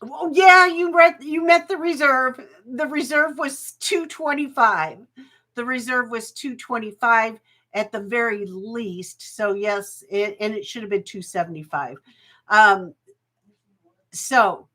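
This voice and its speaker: A woman's voice: on the high side, takes it slowly, sharp tone. A woman hosting a live jewelry auction stream, chatty and folksy, laughing often and getting emotional.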